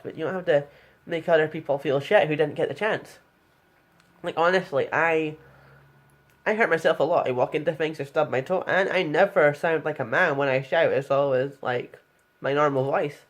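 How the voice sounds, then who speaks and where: A young woman talking frankly in a casual vlog tutorial, chatty and blunt, with plenty of fillers. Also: sits low. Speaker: vlogger.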